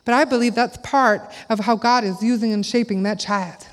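A middle-aged woman preaching a sermon, telling a family story animatedly and acting out the voices of her children. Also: moderate pace. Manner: animated, acts out quotes in a high child voice. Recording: long reverb of a large hall.

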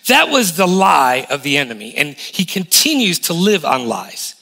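A man in his forties preaching a lively sermon as a guest pastor, emphatic and full of rhetorical questions. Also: a little high, normal speed, vocal fry. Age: 40s.

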